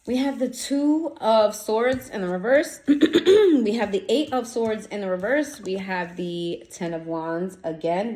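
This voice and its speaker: A woman giving a casual tarot reading straight to her viewers, blunt and animated, swearing freely in slangy talk. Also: mid-range voice. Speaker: tarot reader. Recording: echoey room, faint noise.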